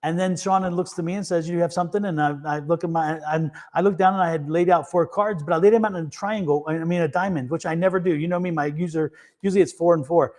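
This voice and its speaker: A man's voice: on the high side, fairly even intonation, quick pace, hardly any pauses, darkish tone. A man hosting a tarot reading show, telling stories casually with many restarts and laughs. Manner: rambling storyteller with many restarts and fillers; laughs easily. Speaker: tarot reader and show host. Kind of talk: casual live-stream chat.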